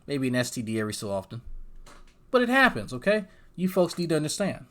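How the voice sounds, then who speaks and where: Brief: mocking, profane male commentator, lively swooping delivery. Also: on the high side, fast. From New Jersey. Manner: sarcastic, crude, mocking. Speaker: commentary YouTuber.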